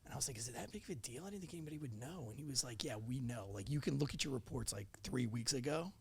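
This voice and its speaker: A man's voice: medium pitch, lively intonation, racing, creaky, a crowd in the background. A man in his forties, a former police officer, telling casual anecdotes as a podcast guest, acting out quoted dialogue and swearing freely. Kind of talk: casual storytelling chat.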